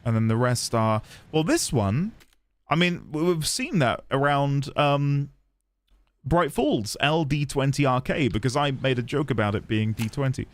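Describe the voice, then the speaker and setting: A man's voice: medium pitch, lively intonation, a little slow, dry recording. A man streaming a game, musing aloud playfully as he reads notes and explores. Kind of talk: let's-play commentary.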